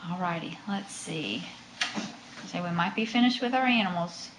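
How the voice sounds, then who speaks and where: A woman's voice: fairly low pitch, normal speed, reverberant, noisy background. Patient mother coaxing a toddler. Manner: patient, coaxing, sing-song prompts. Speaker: mother coaching her toddler. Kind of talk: home video, coaxing a small child.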